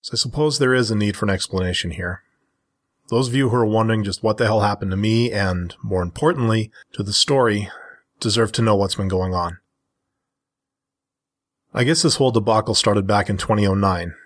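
A middle-aged man reading his own first-person story in a measured, steady way, then talking frankly to listeners. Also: fairly low pitch.

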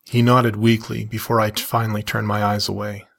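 A man with a husky, low voice reads his first-person story in a measured, steady manner and adds a candid aside.

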